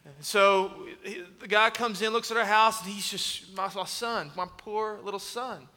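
A man in his thirties, an executive pastor, preaching a sermon with humorous stories, animated and acting out voices. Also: high voice, normal speed. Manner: animated storytelling, acts out voices and shouts. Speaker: executive pastor of student ministry. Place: large church hall. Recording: long hall reverb.

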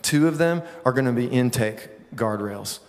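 A man preaches to his congregation, breaking into lively, self-deprecating anecdotes between scripture and prayer. His voice sits in a middling pitch and carries a long reverb from the large auditorium. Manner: lively storytelling, self-deprecating humor, quick asides. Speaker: pastor. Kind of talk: sermon.

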